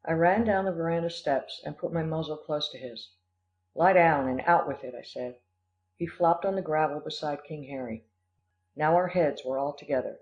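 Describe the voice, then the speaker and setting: A man giving a measured, scripted audiobook narration. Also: fairly high pitch, darkish tone. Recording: dull lo-fi audio.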